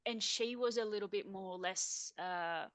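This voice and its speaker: A woman's voice: medium pitch, a little slow, fairly bright tone, dry recording. An Australian woman, a guest on a remote video call, telling her personal story in a reflective, earnest way and laughing easily. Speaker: interview guest.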